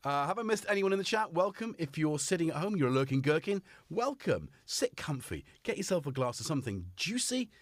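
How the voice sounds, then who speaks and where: A man's voice: a little high, big pitch swings, brisk, hardly any pauses, no room sound. Chatty British man hosting a stream. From United Kingdom. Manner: chatty and jokey, greets viewers by name. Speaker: host. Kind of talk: casual live-stream chat. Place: home studio. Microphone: headphones on, studio mic.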